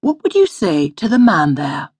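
A woman instructor reading a scripted audio language lesson in a studio, slowly modelling each word to repeat. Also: on the low side, wildly swooping pitch, a little mellow. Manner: patient, slow model pronunciation.

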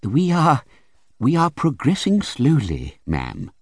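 A man's voice: medium pitch, wildly swooping pitch, takes it slowly, dry recording, clean studio sound, pitched above the performer's own voice, full character voice. A man voicing a meek, polite doctor who hesitates and repeats himself. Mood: meek hesitant.

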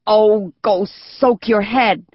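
A doting but sharp-tongued old grandmother from a storybook, put on by a woman reading aloud. The sound is muffled and dry, close to the mic. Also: mid-range voice, steady tone, slow pace, no echo. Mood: scolding.

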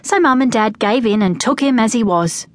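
A woman narrating a children's audiobook with lively, expressive storytelling. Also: fairly high pitch, moderate pace.

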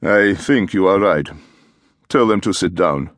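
A man voicing a placid male doctor who speaks calmly and evenly. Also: dry recording. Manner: calm, measured, lower voice.

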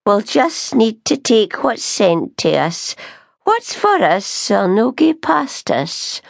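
A woman voicing a gossipy, gloomy older female customer with a Scottish accent, talking slowly with a doom-laden drawl. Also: fairly low pitch, very animated, gravelly, no echo, clean studio sound, voice pushed up, heavily acted. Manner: slow, sighing and doom-laden.

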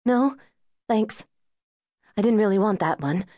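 A woman's voice: mid-range voice, animated, a little slow, mellow, no echo, clean studio sound, pitched above the performer's own voice, close to an everyday voice. A woman narrator voicing a grieving young Southern society wife with a Southern accent, quavering and tearful.

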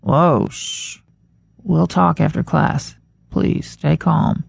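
A woman narrator voicing a soft-spoken, charming young man, speaking gently in a hushed, lowered voice. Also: fairly even intonation, takes it slowly, gravelly, breathy edge, no echo, exaggerated voice. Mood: soothing.

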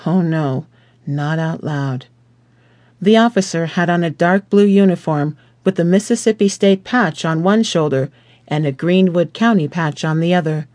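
Slow, measured male audiobook narrator. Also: high-pitched, a little mellow, no room sound. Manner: slow, measured, deliberate reading.

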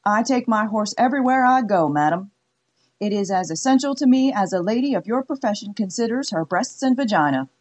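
A woman's voice: medium pitch, expressive, fairly quick, darkish tone, voice pushed up, natural voice. A woman doing a cocky cowboy gunslinger. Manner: cocky, drawling. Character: cocky cowboy hired gun, confident man.

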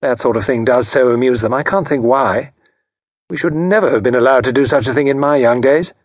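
A man's voice: medium pitch, fairly quick, no room sound, clean studio sound, voice pushed up, lightly acted. A man voicing a chatty, placid older lady who hosts a country house, talking in a genteel, prattling way in an audiobook. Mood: placid chatter.

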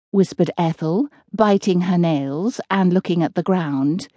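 A woman narrating a children's audiobook in an unhurried, expressive storytelling manner, in a close dry studio recording. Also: lowish voice, no room sound, lo-fi sound.

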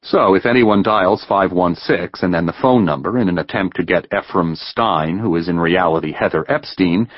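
A man reading a novel aloud in a measured, even way as an audiobook narrator. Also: low-pitched, dry recording, dull audio. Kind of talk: scripted narration.

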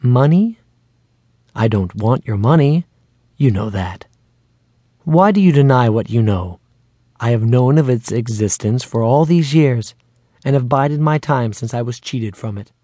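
A man voicing a mysterious intruder of uncertain sex who speaks calmly and without hesitation, with a mocking, menacing edge. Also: medium pitch, a little slow, long pauses, no room sound. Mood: taunting. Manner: calm, unhesitating, mocking.

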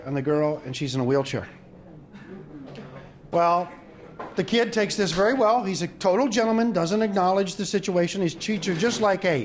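Animated man telling raunchy jokes. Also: sits high. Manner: chuckles at his own jokes, voices characters in passing. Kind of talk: stand-up joke telling.

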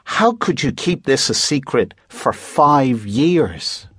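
A man's voice: medium pitch, animated, takes it slowly, a bit bright, breathy edge, no room sound, clean studio sound, heavily acted. A man reading aloud voices a skeptical young schoolgirl who is nervous and sarcastic. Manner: sarcastic, incredulous.

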